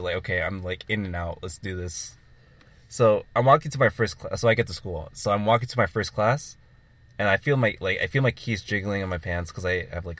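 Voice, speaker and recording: Young man, deep-ish voice, loose rambling storyteller, casual chat with friends. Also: a bit bright. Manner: rambling storytelling, heavy swearing and filler.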